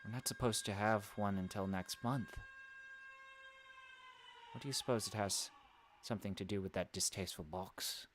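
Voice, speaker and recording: A man's voice: fairly low pitch, moderate pace, pauses often, fairly bright tone, a little hiss or hum. A man hosting a let's play, reading a visual novel aloud with wry, exasperated asides.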